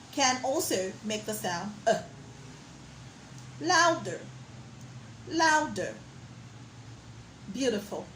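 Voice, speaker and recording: A woman teaching a pronunciation lesson, modeling sounds slowly and praising the learner as she goes. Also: a little high, a bit bright, reverberant, a little hiss or hum, poor audio. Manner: slow, drawn-out modeling of sounds with encouraging praise.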